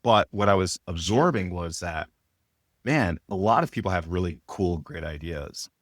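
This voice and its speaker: A middle-aged man with a very low voice tells his career story as a podcast guest. He talks loosely and casually, trailing into fillers and restarting his sentences. The sound is dry, with no room around it. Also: animated, moderate pace, dry recording. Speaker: podcast guest, apparel company founder.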